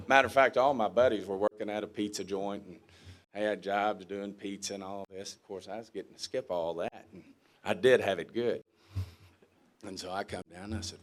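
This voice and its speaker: A man with a drawl tells a long anecdote to a club crowd. His voice sits lowish, and he acts out every quoted line. He breaks into his own laughter along the way. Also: steady tone, a little fast. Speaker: guest speaker. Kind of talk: storytelling speech.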